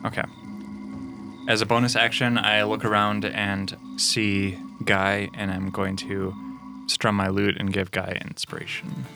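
A man's voice: lowish voice, completely flat delivery, a little slow, creaky, music in the background. A man playing a tabletop role-playing game, talking through his moves in a casual, thoughtful way. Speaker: player.

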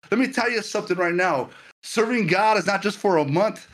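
A man's voice: sits high, fairly quick, a bit bright. A man preaching a sermon to a livestream audience, earnest and full of stammered repetitions.

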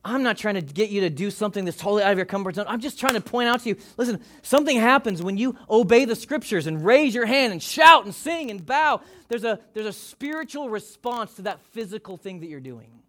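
A man with a high voice preaching to a church congregation. He delivers an impassioned sermon, rising to loud calls and then dropping to hushed, almost whispered lines. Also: expressive, fairly quick. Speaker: pastor. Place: church service before a congregation.

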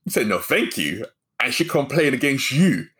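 A man's voice: mid-range voice, very animated, moderate pace, fairly bright tone. A man hosting an interview, reacting emphatically and laughing along with his guest. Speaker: host. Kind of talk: casual interview chat.

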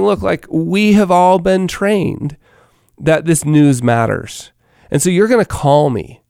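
A man's voice: mid-range voice, a little mellow, dry recording, clean studio sound. A man who works as a financial advisor, talking casually to other advisors, repeating himself and tossing in frequent "right?" asides. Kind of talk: coaching talk to fellow advisors.

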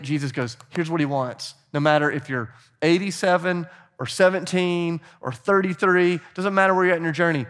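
A middle-aged man preaching a sermon as pastor, animated and urging the congregation to join in. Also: a little high.

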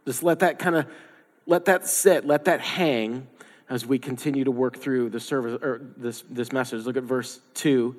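A man's voice: medium pitch, fairly even intonation, normal speed, long reverb tail. A man preaching a sermon as a pastor, conversational and emphatic, repeating phrases for stress.

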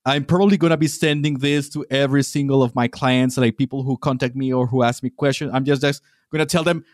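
Talking fast with few pauses, a mid-range male podcast host keeps a steady tone through a casual interview. He thinks out loud, hesitating with lots of fillers and frequent sentence restarts, recorded in studio quality with no room sound.

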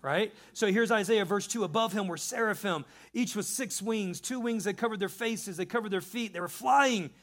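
Animated high-voiced preacher. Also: male voice, moderate pace, hardly any pauses. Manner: animated, conversational preaching with asides. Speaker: pastor. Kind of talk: sermon.

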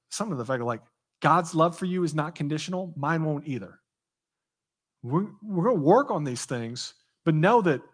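A man's voice: sits high, a bit bright. A man in his thirties preaching a sermon as pastor, earnest and conversational, with frequent restarts. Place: church sanctuary.

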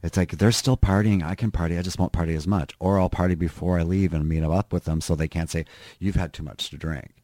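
A man's voice: deep voice, fairly even intonation, fast talker, mellow, no room sound, clean studio sound. A middle-aged man telling candid personal stories as a podcast guest in casual chat. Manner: candid storytelling.

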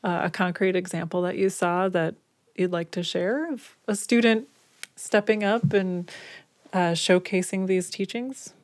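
Slow, enthusiastic woman host, dry sound. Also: on the low side, fairly even intonation, no room sound. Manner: enthusiastic and gushing. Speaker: interview host. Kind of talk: interview questions.

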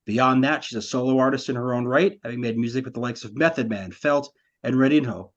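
Laughing podcast host, lo-fi sound. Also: male voice, mid-range voice, brisk. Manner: laughing, animated retelling of scenes. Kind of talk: casual movie chat.

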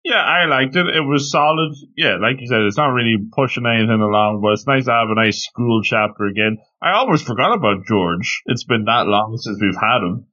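A man's voice: medium pitch, fairly quick, hardly any pauses, muffled recording. A man co-hosting a podcast, chatting casually and reacting to his partner. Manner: relaxed, reacts with short interjections. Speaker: podcast co-host. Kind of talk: casual chat.

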